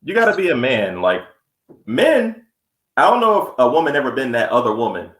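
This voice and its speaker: Podcast co-host, young man, quick blunt profane storyteller, roomy echo. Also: medium pitch, very animated, a bit bright. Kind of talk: casual podcast chat. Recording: echoey room.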